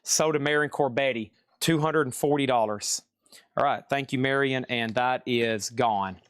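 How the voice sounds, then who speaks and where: Brisk man calling a live auction. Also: mid-range voice, fairly bright tone, clear, resonant tone, no room sound, studio quality. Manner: fast bid-calling, chatty and upbeat. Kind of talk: live-stream record auction patter.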